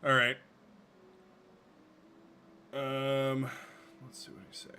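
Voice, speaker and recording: A man's voice: medium pitch, completely flat delivery, drawn-out words, sharp tone, slight background noise. A man streaming a video game live, chatting casually and rambling, often stumbling over his own words.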